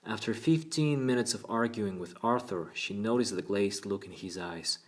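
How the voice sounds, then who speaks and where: A man narrating a book aloud in a steady, even storytelling manner. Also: fairly low pitch, moderate pace. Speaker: audiobook narrator. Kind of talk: audiobook narration.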